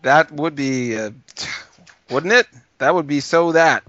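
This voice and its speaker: A man's voice: on the high side, takes it slowly, a bit bright. A man reacting in casual comedic banter with dry asides, on a muffled recording.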